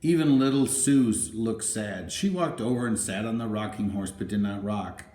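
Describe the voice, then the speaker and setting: A man narrating a children's storybook in a gentle, even reading voice. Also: on the low side, normal speed. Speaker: audiobook narrator. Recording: roomy, echoey room.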